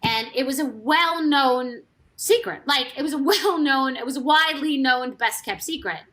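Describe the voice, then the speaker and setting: A woman's voice: high-pitched, normal speed, a bit bright. A woman who was once on a reality TV show, telling gossip in a rambling, candid way with many restarts and asides. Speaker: former reality TV cast member. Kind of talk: casual gossip storytelling.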